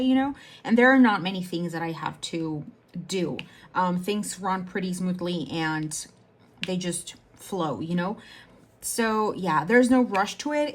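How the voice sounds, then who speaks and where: A young adult woman chatting casually while she works on a diamond painting, rambling and correcting herself as she goes. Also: mid-range voice. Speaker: diamond painting channel host. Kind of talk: casual chat while crafting.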